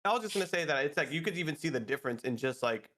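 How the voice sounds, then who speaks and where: A man co-hosting a casual podcast, telling a story in an animated way and acting out what people said. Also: fairly high pitch, racing. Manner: animated storyteller, acts out quotes. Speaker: podcast co-host.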